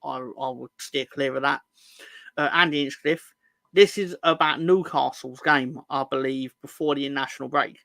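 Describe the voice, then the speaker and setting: A man's voice: mid-range voice, steady tone, normal speed, gravelly, pushed and bright, dry recording. A man co-hosting a casual football fan chat, full of sarcastic, sweary banter. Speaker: podcast co-host.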